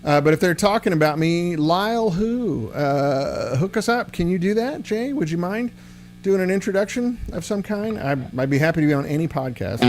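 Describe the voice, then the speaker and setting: A man hosting a casual livestream, chatting loosely with viewers and using many filler words. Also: high-pitched. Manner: relaxed, rambling, answers chat with filler words. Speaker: livestream host and amp builder. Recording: loud guitar amp playing behind. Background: electric guitar through amp.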